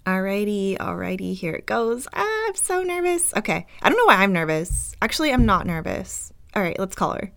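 A woman's voice: medium pitch, lively intonation, brisk, vocal fry, hardly any pauses, a bit bright. A woman hosting a casual podcast, talking in a chatty, upbeat way with a slightly scratchy, itchy throat. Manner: chatty, upbeat, uses fillers like "um" and "like". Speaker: podcast host; dental professional.

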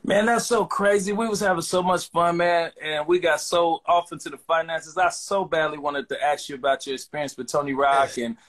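A man's voice: on the high side, fairly quick, hardly any pauses, a bit bright. A man hosting a podcast, casually running a question game with his guest. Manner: laid-back, running the questions. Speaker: podcast host.

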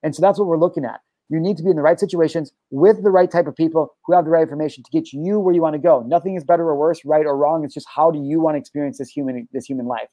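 Fast-talking, intense, profane male host. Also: a little high, dark tone, no echo, poor audio. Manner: intense, swears freely, preachy. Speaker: podcast host and life coach. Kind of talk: passionate, profane monologue.

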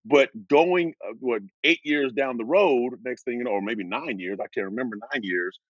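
A man in his fifties from Oregon, a former pro football player, telling stories as a guest in an animated way, laughing as he goes. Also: mid-range voice, normal speed, no echo, highs cut off. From Oregon, USA. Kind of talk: animated storytelling.

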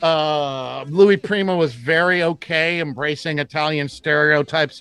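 A man's voice: on the high side, unhurried, hardly any pauses, smooth, no echo. A man hosting a podcast, chatting casually about music and laughing often. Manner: laughs often, lively and upbeat. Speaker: podcast host.

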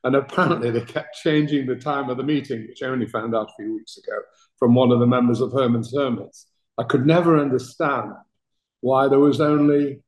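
Older British man telling stories, echoey room. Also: medium pitch. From Britain. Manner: chatty, laughs through his stories. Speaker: guest, talent manager. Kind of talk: anecdotal interview storytelling.

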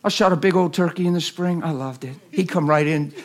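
A man preaching a sermon at a church service, animated and telling stories, acting out the voices in them and swinging from loud to hushed. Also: a little high, brisk, a little hiss or hum. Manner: acts out voices in his stories. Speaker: guest preacher. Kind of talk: sermon with storytelling.

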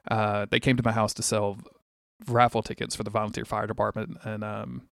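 A man's voice: on the low side, little pitch movement, brisk, gravelly, a bit bright, no echo, clean studio sound. A man co-hosting a podcast in casual chat, rambling and self-deprecating, tired and unwell, laughing often. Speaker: podcast co-host.

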